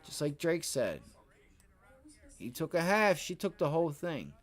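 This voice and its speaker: A man with a slightly higher than usual voice streams live trading commentary from home. He talks to himself and his viewers, swears freely, and swings between excitement and frustration. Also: unhurried. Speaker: livestream day trader.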